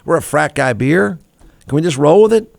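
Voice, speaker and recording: Man putting on a pushy pleading beer boss, gravelly edge, dry sound. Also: fairly high pitch, lively intonation, moderate pace, a little mellow, no room sound. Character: male beer company boss pitching a bad idea.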